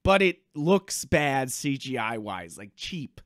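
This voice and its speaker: A man co-hosting a podcast, chatting casually about a film, animated and swearing freely as he acts out reactions. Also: medium pitch, takes it slowly, no room sound, studio quality. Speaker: podcast co-host. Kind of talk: casual movie review chat.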